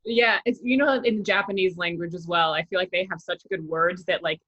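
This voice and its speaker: A woman chatting candidly on a podcast, animated and laughing often. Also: lowish voice, fairly quick, muffled recording. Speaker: co-host. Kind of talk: casual podcast chat.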